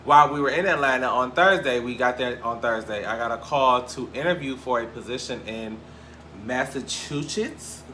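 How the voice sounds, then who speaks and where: A young man from Cleveland hosting a casual gossip show, talking in a lively, profane way with big swings between loud and quiet. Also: medium pitch, brisk, few pauses, slight background noise. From Cleveland, Ohio. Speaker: podcast host. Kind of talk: casual celebrity gossip chat.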